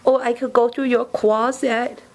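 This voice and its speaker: A woman voicing a creepy, childlike monster imaginary friend who lives under the bed. She talks in a slow, dreamy way that drifts into whispers. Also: a little high, little pitch movement, natural voice. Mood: eerie dreamy. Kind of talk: comic character monologue.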